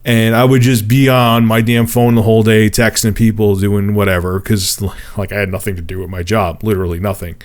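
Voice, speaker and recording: Profane, animated male storyteller. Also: lowish voice, a little fast, hardly any pauses. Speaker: vlogger. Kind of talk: casual storytelling to camera.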